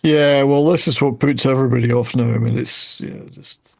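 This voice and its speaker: A man's voice: mid-range voice, steady tone, moderate pace, creaky. A man hosting a casual panel chat over a video call, talking freely and laughing easily. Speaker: host.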